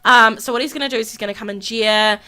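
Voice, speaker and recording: A woman's voice: a little high, fairly even intonation, quick pace, bright, forceful tone, clear, resonant tone. A young woman hosting a gaming video, narrating a life-sim game with dramatic gasps and a lot of repetition. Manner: dramatic, gasping, repeats herself, acts out characters' quarrels. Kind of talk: excited let's-play commentary.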